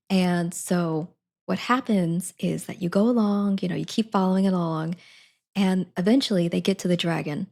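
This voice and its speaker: A young woman chats casually on a live stream about a book she read, rambling, giggling and correcting herself as she goes. Her voice sits on the low side with a steady gravelly fry. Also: normal speed. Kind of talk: casual book review chat.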